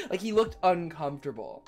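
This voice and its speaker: A man's voice: on the high side, darkish tone. A male streamer chatting casually and rambling while reading chat, swearing offhandedly and laughing easily. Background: faint piano playing.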